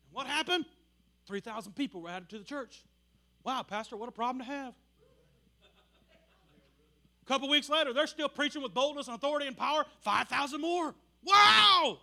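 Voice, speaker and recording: A man preaching a sermon, telling stories with animated bursts of shouting. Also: very high-pitched, a little fast, gravelly, long pauses.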